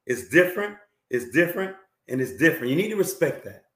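A male talk show host giving emphatic, preachy relationship advice, repeating phrases and often clearing his throat. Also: fairly high pitch, sing-song, fairly quick, fairly bright tone, roomy sound.

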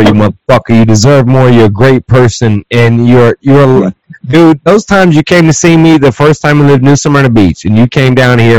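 A man's voice: mid-range voice, darkish tone, no room sound, low-quality recording. A man hosting a casual podcast chat with childhood friends, swearing a lot and talking in a heated, emotional way. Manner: profane, emotional, protective. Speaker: podcast host.

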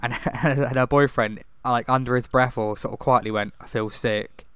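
A young man in casual chat, laughing and swearing through relaxed banter. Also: mid-range voice, moderate pace, clear, resonant tone, no room sound.

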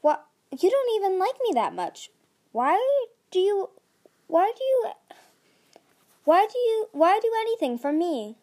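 A woman's voice: mid-range voice, a little slow, few pauses, lightly acted. A woman voicing a timid young female sea dragon princess with an anxious, pleading manner.

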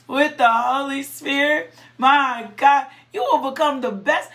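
A woman's voice: high voice, unhurried, fairly bright tone. Fervent praying woman preacher. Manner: fervent, repetitive praise with bursts of exclamation and laughter; colloquial, conversational preaching. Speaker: preacher leading prayer. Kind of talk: prayerful devotional sermon.

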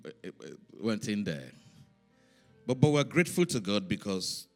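Male pastor, low-pitched, emotional, hushed one moment and shouting praise the next, faint music behind. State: emotional, near tears. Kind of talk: church sermon and prayer. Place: church service.

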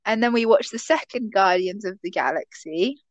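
A woman's voice: mid-range voice, animated, moderate pace, no echo. Giggly young woman. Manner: giggly, easygoing. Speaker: podcast co-host. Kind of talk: casual chat.

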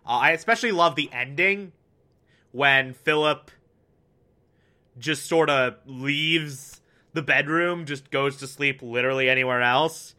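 A man giving a casual, animated TV episode recap, full of fillers and swearing, acting out characters' lines as he goes. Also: medium pitch, a little slow. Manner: animated, swears, many fillers, acts out quotes. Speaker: TV show reviewer.

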